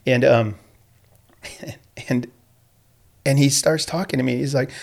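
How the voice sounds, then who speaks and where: A middle-aged man with a gravelly, fry-edged voice chats casually on a podcast. He tells stories about his work as a coach and PE teacher. He circles back on himself often, with many "ums" and restarts. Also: mid-range voice, fairly even intonation, slow pace, darkish tone. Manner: rambling, with frequent fillers and restarts, laughs often. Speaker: high school PE teacher and coach.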